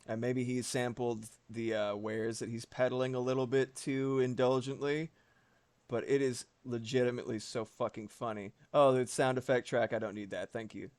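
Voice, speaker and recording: A man's voice: mid-range voice, moderate pace, dry recording. A young man chatting casually on a livestream while he draws, rambling and swearing with lots of fillers. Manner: animated, profane, rambling with many fillers. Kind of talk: casual chat while drawing.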